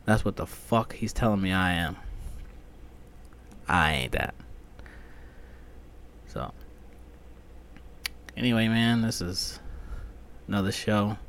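A man's voice: fairly low pitch, slow pace, pauses often, fairly bright tone, slight background noise. Profane rambling man with sudden outbursts. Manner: frequent fillers like um and you know. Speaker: podcast host. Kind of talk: casual comedic podcast monologue.

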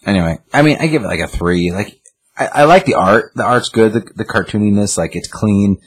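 A man co-hosting a casual chat, animated, acting out his own reactions as he talks. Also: lowish voice, fairly quick, husky. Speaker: podcast co-host reviewing a comic.

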